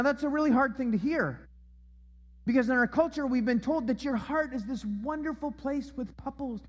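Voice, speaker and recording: A man's voice: very high voice, in a large hall, highs cut off. A man preaching a sermon as pastor, emphatic and repeating his key phrases. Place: church auditorium.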